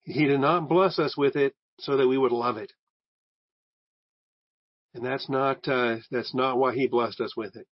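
A man's voice: medium pitch, fairly even intonation, unhurried, long pauses, no room sound. Man, Bible teacher, conversational, restarts phrases, dry dull recording. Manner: conversational, restarts phrases, explains Greek terms.

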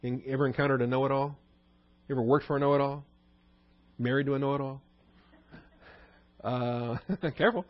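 A man's voice: medium pitch, steady tone, a little fast, pauses often, dry recording. Man teaching a Bible study. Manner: conversational, asks the listeners questions. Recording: dull dry recording.

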